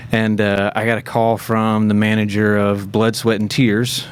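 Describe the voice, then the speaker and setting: A man, a podcast guest telling stories in a rapid, animated way, full of fillers and chuckles, recorded in a studio. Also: on the low side, clean tone. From Tennessee, USA. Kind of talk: casual storytelling in a podcast interview.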